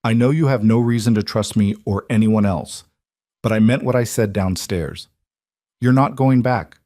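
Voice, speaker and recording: A man voicing a gruff, quiet rancher who speaks in a plainspoken way. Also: lowish voice, normal speed, no room sound, clean studio sound, lightly acted.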